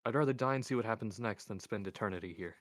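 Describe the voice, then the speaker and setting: A man voicing an intense young man who speaks quietly and evenly with a cold edge, reading a story aloud. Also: fairly low pitch, fast, no room sound, studio quality, natural voice. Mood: earnest. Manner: quiet, even, menacing.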